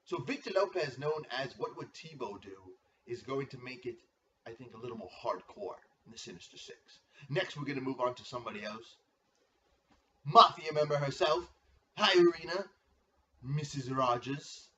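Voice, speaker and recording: A man hyping up his fantasy football league like a ring announcer, his voice swinging wildly up and down and sounding bright and cutting. He is recorded from a distance on dull, lo-fi audio with a faint hiss underneath. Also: medium pitch, lively intonation, normal speed. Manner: hype-man name announcing, stretched shouted intros and profane rants.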